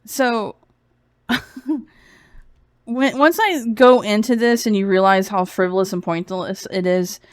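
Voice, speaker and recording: A woman's voice: mid-range voice, fairly even intonation, a little slow, pauses often, clean tone, no room sound, studio quality. Sarcastic giggly woman streamer. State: feverish. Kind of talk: casual sarcastic commentary stream.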